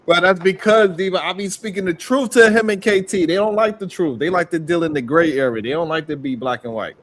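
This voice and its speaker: A man's voice: sits high, fairly quick, a bit bright. A man co-hosting a live stream, sassy and preachy. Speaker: show co-host. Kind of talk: casual live stream chat.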